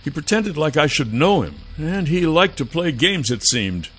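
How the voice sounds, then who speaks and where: A man narrating a first-person fantasy audiobook in a measured way. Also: on the high side, very animated, a bit bright, slightly rough.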